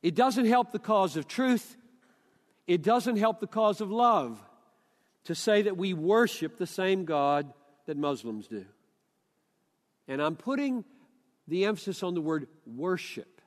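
An older man preaching a sermon, emphatic and deliberate, quoting scripture at length. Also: high-pitched, lively intonation, long reverb tail.

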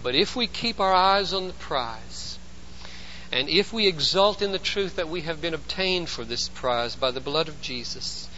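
Emphatic high-voiced male preacher. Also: expressive, measured pace, lo-fi sound, a little hiss or hum. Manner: emphatic, swings between loud and hushed. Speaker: pastor. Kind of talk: sermon.

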